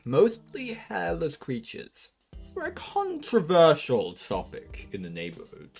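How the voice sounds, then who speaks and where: A man playing a grand male storybook narrator, reading slowly and loudly in a theatrical manner. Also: mid-range voice, gravelly, pitched above the performer's own voice, heavily acted.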